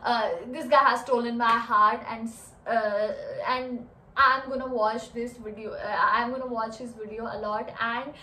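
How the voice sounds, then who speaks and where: A woman's voice: a little high, steady tone, normal speed, sharp tone, distant mic. A young woman with an Indian accent, gushing enthusiastically in a casual reaction chat, with many fillers. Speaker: reaction video host. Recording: echoey room, off-mic, faint noise.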